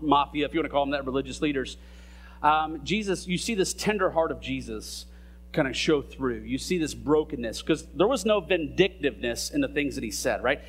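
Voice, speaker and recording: Conversational male preacher, slightly high voice. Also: slight background noise. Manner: conversational preaching with fillers and asides. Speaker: pastor. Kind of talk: sermon.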